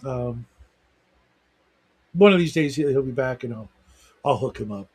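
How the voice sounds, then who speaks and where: A man's voice: medium pitch, animated, unhurried, breathy edge. A middle-aged man hosting a livestream talk show in casual chat, rambling with lots of fillers. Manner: rambling, heavy use of fillers.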